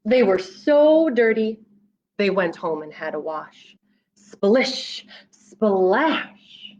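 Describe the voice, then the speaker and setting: A woman children's librarian reading a picture book aloud at storytime, playful and animated, with gasps and sound effects. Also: medium pitch, drawn-out words, dull audio.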